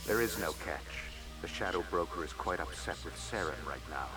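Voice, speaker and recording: An actor voicing a polite, scheming male alien financial agent in a video game, speaking in a courteous, formal, flattering way. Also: low voice, normal speed, over music, natural voice. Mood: smooth formal. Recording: noisy game audio capture.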